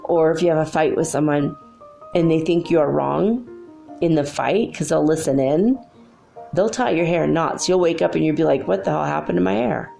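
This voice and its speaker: A woman's voice: low voice, moderate pace, gravelly, warm tone, faint music behind. A middle-aged woman hosting a spiritual talk show, telling stories in a chatty, rambling way with many fillers. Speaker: spiritual channel host. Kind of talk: casual spoken monologue.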